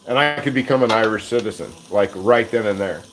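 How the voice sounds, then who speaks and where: A man's voice: on the low side, brisk, slight background noise, low-quality recording. An American man hosting a live cooking stream, chatting casually and self-deprecatingly, often chuckling as he rambles. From United States. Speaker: livestream cooking host. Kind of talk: casual livestream chat while cooking.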